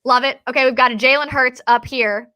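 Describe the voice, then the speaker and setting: A woman co-hosting a casual sports chat, excitable, often trailing off and restarting mid-sentence. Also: sits high, brisk. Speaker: podcast co-host.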